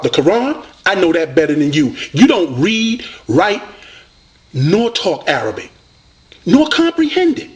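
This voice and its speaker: A man's voice: sits high, wildly swooping pitch, a little slow. A man from the United States, delivering a combative, preachy video rant at a rival debater. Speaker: online debater addressing a rival.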